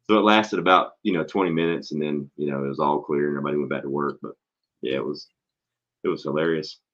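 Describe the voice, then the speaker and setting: A man's voice: a bass voice, steady tone, quick pace, fairly bright tone. A man, a schoolteacher and host, telling stories in casual, profanity-laced chat. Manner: blunt, swears freely, tells stories animatedly. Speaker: podcast host and school teacher. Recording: dull lo-fi recording.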